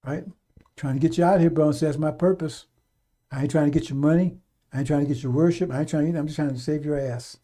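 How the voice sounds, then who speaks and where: Blunt, mellow-voiced man preaching on radio. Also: fairly high pitch, steady tone, fast talker. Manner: blunt, profane, repetitive exhortation. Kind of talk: fiery off-the-cuff sermon.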